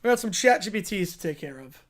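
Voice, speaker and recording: A man's voice: sits high, lively intonation, fast. Chatty man hosting a livestream. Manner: loose, chatty, repeats phrases. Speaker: livestream host. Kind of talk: casual livestream chat answering viewers.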